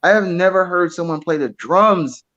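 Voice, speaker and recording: Young male drummer, casual interview, animated storytelling, repeats himself, dull lo-fi sound. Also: sits high, moderate pace. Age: 20s. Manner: animated storyteller, repeats words, acts out quoted voices. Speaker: drummer and guest.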